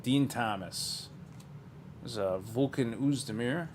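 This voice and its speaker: A man in a relaxed, offhand running commentary, calling out names as he goes and wandering into side stories. His voice sits at an ordinary middle pitch. A faint hum of room noise sits behind him. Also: slow pace. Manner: rambling and offhand, trailing into asides and chuckles. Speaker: card breaker. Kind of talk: casual running commentary while opening card packs.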